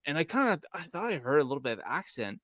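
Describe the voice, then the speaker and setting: A man's voice: on the high side, very animated, fast, a bit bright, no room sound. A man from Canada co-hosting a casual podcast, telling stories in a rambling, polite way. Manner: rambling storyteller, self-described polite. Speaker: podcast co-host. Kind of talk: casual chat.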